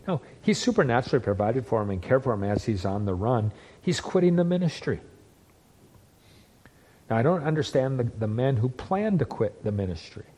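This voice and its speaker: A male pastor delivers a sermon in an earnest, plain-spoken voice. His tone is mellow and warm, and he slows down to press key words home. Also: medium pitch. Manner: earnest preaching, slows down for emphasis, restarts phrases.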